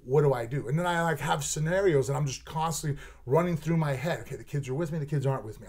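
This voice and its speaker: A middle-aged man talking as a podcast guest, his voice sitting a little high for a man. He is animated and laughs often, and he swears casually as he tells his stories. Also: fast talker, hardly any pauses. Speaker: guest fighter.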